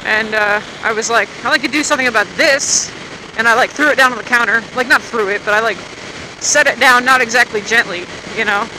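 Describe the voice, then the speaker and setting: A woman's voice: fairly high pitch, fairly even intonation, a little fast, noisy background. A woman motovlogger chatting and grumbling in a rambling, unscripted way outdoors at a gas station.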